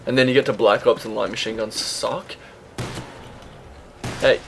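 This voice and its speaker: Young man, casual gaming commentary, chatty, sweary, medium pitch. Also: steady tone, unhurried, gravelly, background noise. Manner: chatty, swears freely, laughs at himself. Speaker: gaming YouTuber.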